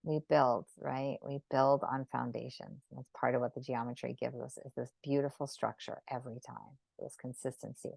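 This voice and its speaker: A woman with a low, gravelly voice guides a drawing lesson over a video call. She talks gently and unhurriedly, often checking in with "right?". The sound is close and dry. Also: steady tone, normal speed, few pauses, no room sound. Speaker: sacred geometry teacher. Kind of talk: live online drawing lesson.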